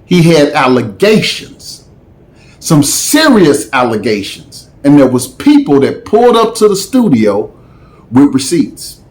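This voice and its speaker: Animated man telling a story. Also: fairly high pitch. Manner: animated, slangy storytelling with dramatic asides. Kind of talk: casual storytime.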